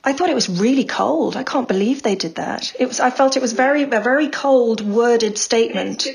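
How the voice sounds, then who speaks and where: Higher-voiced woman co-hosting a podcast. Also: moderate pace, vocal fry. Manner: presents and reads out statements, chatty asides. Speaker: podcast co-host. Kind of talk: casual discussion podcast.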